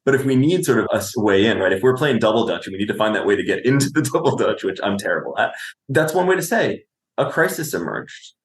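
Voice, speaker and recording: A man's voice: lowish voice, expressive, fast, roomy sound. A man, a clinician and podcast guest, explaining parenting in conversation, often asking "right?" and acting out what a parent would say.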